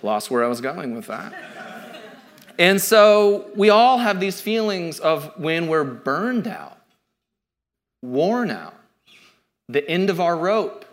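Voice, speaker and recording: A man in his thirties preaching a sermon in a joking, conversational way, swinging from loud to quiet. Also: high voice, very animated, slow pace, pauses often. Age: 30s. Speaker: pastor.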